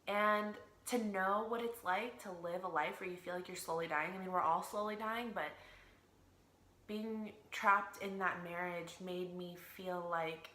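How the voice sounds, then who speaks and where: A woman's voice: on the low side, sharp tone. A young woman, a single mom and fitness coach, talking casually and expressively to camera in a vlog. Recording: roomy echo.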